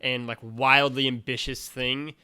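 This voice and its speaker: A man's voice: mid-range voice, little pitch movement, unhurried, pushed and bright, clean tone, dry recording. A man co-hosting a podcast, talking casually and with emphatic enthusiasm. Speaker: podcast co-host. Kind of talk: casual chat.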